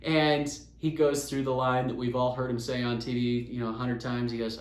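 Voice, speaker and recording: A young man from Utah, hosting a podcast and telling a story in a casual, animated way, acting out the quotes. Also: medium pitch, moderate pace, hardly any pauses. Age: young adult. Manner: animated, chatty, acts out quotes. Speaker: podcast host. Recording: roomy echo.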